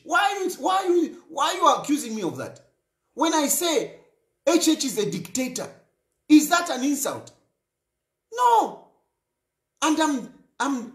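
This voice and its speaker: A man's voice: very high voice, a bit bright, reverberant. A Zambian man hosting a talk show, speaking in an impassioned political monologue and repeating phrases for emphasis.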